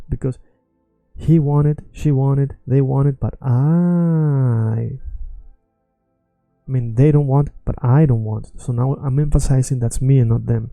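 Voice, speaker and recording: A man teaching pronunciation in a lesson, a native Swedish speaker talking English, who repeats example words slowly and draws them out. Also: mid-range voice, vocal fry, warm tone, no echo, poor audio. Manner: slow, drawn-out repetition of example words. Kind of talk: explaining pronunciation to learners.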